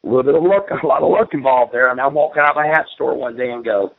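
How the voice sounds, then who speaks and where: A man's voice: medium pitch, rapid-fire, creaky. Man telling wrestling stories over a tinny line. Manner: rambling, repeats words, acts out quoted voices. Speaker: guest, former pro wrestler. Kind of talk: casual storytelling in an interview. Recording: tinny phone-like radio line.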